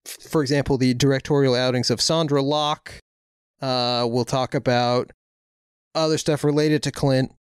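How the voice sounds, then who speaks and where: Smooth-voiced joking podcast co-host man. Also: medium pitch, moderate pace, no echo, clean studio sound. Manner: joking, rambling, self-mocking. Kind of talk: casual film-podcast banter.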